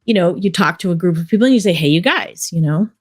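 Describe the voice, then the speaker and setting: A middle-aged woman, a documentary director, telling stories in a relaxed interview, rambling with many fillers. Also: lowish voice, fast. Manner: rambling storyteller, many fillers like "you know". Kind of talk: casual interview talk.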